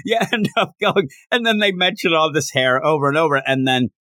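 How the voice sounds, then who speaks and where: A man's voice: on the high side, brisk, no echo. A man hosting a podcast, chatting casually about a manga and retelling it with many restarts. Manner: animated storytelling with many restarts. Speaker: podcast host. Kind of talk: casual manga review chat.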